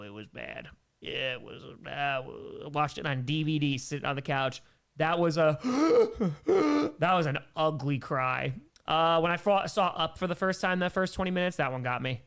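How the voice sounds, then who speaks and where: A man's voice: medium pitch, moderate pace, fairly bright tone, clean tone. A man hosting a casual livestream Q&A, rambling enthusiastically through his answers and thanking donors along the way. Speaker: livestream host answering viewer questions. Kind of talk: casual chat.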